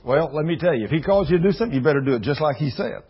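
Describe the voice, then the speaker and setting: A man's voice: on the high side, expressive, rapid-fire, breathy edge, muffled recording. A man preaching a folksy sermon, telling stories and acting out the dialogue in shifting voices. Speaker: pastor.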